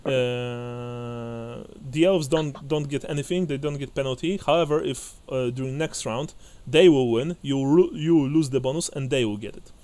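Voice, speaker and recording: This tabletop game master narrates haltingly, full of fillers and restarts, and keeps slipping into quick laughs. He has a mid-range voice with a dark tone.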